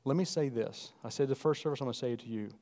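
A middle-aged man preaching a sermon, animated and calling out to the congregation. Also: medium pitch, racing. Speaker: pastor.

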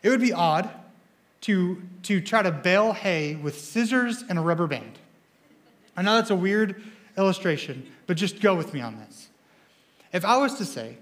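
A young man preaching a sermon as a student pastor in a church, energetic and excitable, often stumbling and repeating words as he speaks. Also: sits high, normal speed.

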